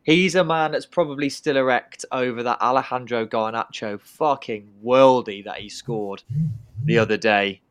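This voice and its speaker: A young man hosting a podcast with cheeky, profane banter. His voice is mid-pitched and sounds dry, with no room echo. He talks up his guests with plenty of swagger. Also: normal speed, clear, resonant tone. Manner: cheeky, swearing, hypes up guests. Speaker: podcast host. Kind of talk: casual banter.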